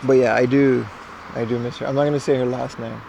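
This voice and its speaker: A man's voice: mid-range voice, little pitch movement, fast, gravelly, noisy background. A man in his thirties from the Caribbean, chatting with his viewers as he walks outdoors during a casual livestream. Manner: chatty, rambling, joking with chat. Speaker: IRL livestreamer. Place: outdoors walking through streets. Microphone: camera rig carried while walking.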